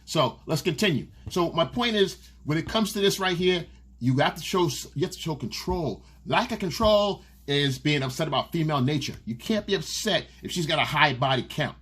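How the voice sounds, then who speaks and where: A man's voice: a little high, animated, moderate pace, a bit bright, breathy edge. A man giving casual dating advice in a monologue. He is blunt and profane and keeps asking "okay?". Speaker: dating coach.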